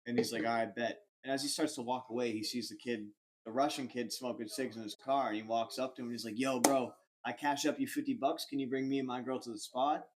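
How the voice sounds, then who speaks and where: A man's voice: mid-range voice, steady tone, quick pace, few pauses. A young man on a casual podcast, telling a rambling, slangy story full of "like". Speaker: podcast co-host.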